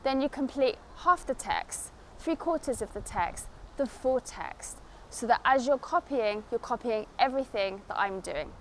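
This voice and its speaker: A fairly high-voiced woman with an estuary London accent gives an English lesson straight to camera, speaking clearly and deliberately. She is recorded outdoors, with faint ambient noise behind her. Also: expressive. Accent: South East England estuary London. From England. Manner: clear, deliberate teaching delivery. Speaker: English teacher. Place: outdoors in a city.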